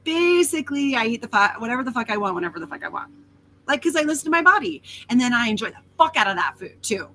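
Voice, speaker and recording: A woman hosting a casual live stream, chatting through viewer comments in an animated, candid way, swearing freely and laughing often. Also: on the high side, fast talker, slight background noise. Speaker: host of a live talk stream.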